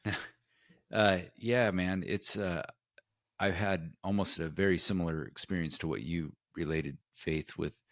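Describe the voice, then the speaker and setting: A man co-hosting a podcast, talking in a relaxed, joking way. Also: low-pitched, measured pace, no echo, clean studio sound. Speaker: podcast co-host. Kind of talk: casual chat.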